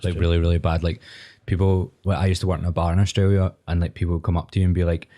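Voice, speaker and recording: A man's voice: low-pitched, flat delivery, very fast, mellow. A young Glaswegian man hosting a podcast, telling stories in casual chat and swearing freely. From Scotland. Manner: swears freely, tells anecdotes. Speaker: podcast host.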